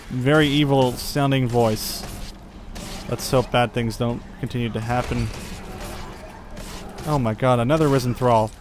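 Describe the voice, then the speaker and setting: A young man giving casual gameplay commentary, thinking aloud with lots of fillers and chuckles. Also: mid-range voice. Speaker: gaming channel host.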